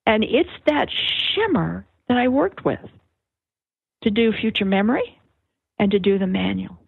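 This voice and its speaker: An older woman, a guest author on an interview, explaining things in a slow, searching way with many fillers and restarts over a phone line. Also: mid-range voice, animated, creaky, husky, dry recording. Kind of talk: reflective conversational explanation. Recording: tinny phone-line sound.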